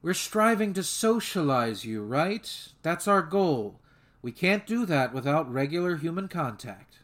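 A man voicing a calm female therapist who speaks in a soothing, reassuring way. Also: fairly high pitch, a little slow.

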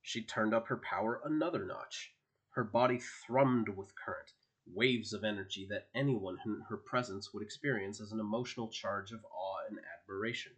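Low-voiced man narrating an audiobook. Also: moderate pace. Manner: steady, expressive storytelling.

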